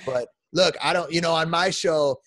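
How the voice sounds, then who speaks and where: A man's voice: fairly high pitch, normal speed, a bit bright, no echo. A man in his forties, a podcast guest delivering an emotional, heartfelt rant full of restarts. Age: 40s. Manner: emotional, repetitive restarts, says "man" often.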